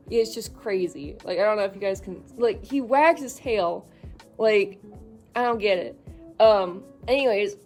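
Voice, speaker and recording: A young woman vlogger talking casually about her cat, halting with many fillers and fighting back tears. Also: medium pitch, creaky. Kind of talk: casual vlog.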